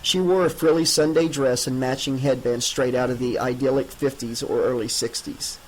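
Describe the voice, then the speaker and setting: A man's voice: mid-range voice, fairly even intonation, moderate pace, rough recording. Man reading a horror audiobook. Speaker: audiobook narrator.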